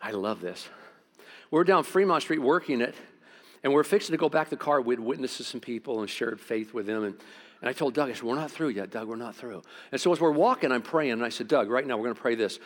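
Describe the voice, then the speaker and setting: A middle-aged pastor, preaching a sermon through stories, swinging between loud outbursts and quiet, intense moments. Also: male voice, mid-range voice, lively intonation, quick pace. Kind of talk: sermon with storytelling.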